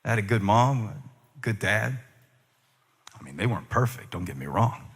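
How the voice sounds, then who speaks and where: Animated husky-voiced preacher man. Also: normal speed, big-room sound. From United States. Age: 40s. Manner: swings between loud preaching and quiet low asides; confessional and self-mocking. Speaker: pastor. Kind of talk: sermon.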